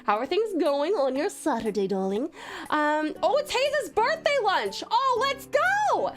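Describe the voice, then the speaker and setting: A woman's voice: extremely high pitch, sing-song, a little slow. A woman streamer greeting her chat one by one in an affectionate, doting, bubbly way, with faint music behind. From Australia. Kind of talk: casual live-stream chat.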